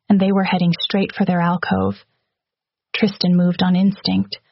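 A woman narrates a story in a level, even-paced read. Her voice is gravelly and a little husky. The recording is dry and slightly dull. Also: on the low side, dry recording. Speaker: audiobook narrator. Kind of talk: scripted narration.

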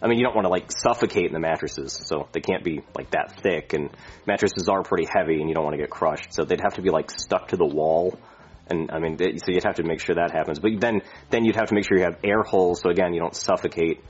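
A man's voice: deep voice, fast talker, breathy edge. A man playing a cocky swearing airline pilot. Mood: boastful. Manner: boastful, rambling, swearing. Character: reckless foul-mouthed male airline pilot. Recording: slightly muffled lo-fi audio.

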